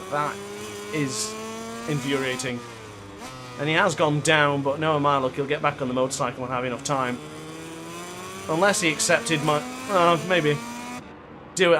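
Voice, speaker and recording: A gaming streamer with a voice on the high side and background noise behind him gives livestream commentary. Excitable, he narrates his own race as if calling it for a crowd, then lets loose frustrated outbursts.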